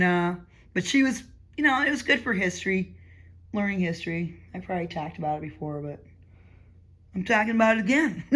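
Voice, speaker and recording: A woman's voice: on the low side, a bit bright. A woman rambling through a casual monologue at home before bed, chatty and digressive, laughing often and sometimes dropping to a murmur. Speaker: vlogger.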